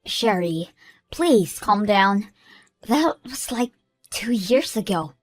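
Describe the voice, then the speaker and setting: A patient young woman engaged to be married, played by a woman speaks in a soothing, reasonable way in an animated story. Her mid-pitched voice is recorded dry and close, with faint music underneath. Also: slow pace, no room sound. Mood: pleading.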